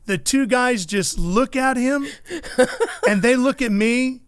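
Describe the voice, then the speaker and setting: Animated middle-aged man spinning a story on a podcast, high-pitched, close and dry. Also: moderate pace, clear, resonant tone, no echo. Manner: lively anecdotal storyteller, acts out the people in his stories. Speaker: motorsports broadcaster, guest.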